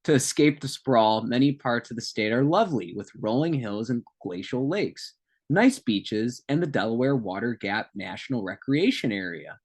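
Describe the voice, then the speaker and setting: A man's voice: mid-range voice, a little mellow. A man co-hosting a casual podcast, reading notes aloud with joking asides and tangents. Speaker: podcast co-host.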